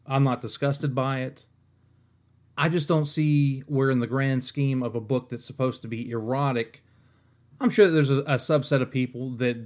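A man hosting a podcast, ranting in a comic, exasperated way, swearing often and restarting his sentences. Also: mid-range voice. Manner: exasperated, profane, rambling with many restarts. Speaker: podcast host. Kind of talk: comedic rant.

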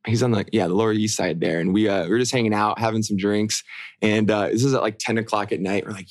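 This young male podcast co-host keeps the casual chat relaxed and meandering, full of fillers. He speaks quickly with fairly low pitch and fairly even intonation, in clean studio sound with no room sound.

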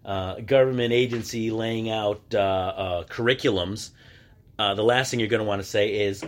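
A man's voice: medium pitch, moderate pace. A man hosting a solo podcast, telling stories in a loose conversational way, often restarting his sentences and acting out what other people said. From United States. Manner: conversational storytelling, acting out quoted voices; frequent restarts and filler words. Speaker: podcast host. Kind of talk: casual solo podcast monologue.

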